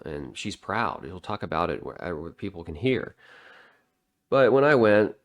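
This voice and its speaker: Deep-voiced man in a sardonic ramble. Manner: sardonic, digressive. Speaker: vlogger. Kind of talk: casual rambling monologue.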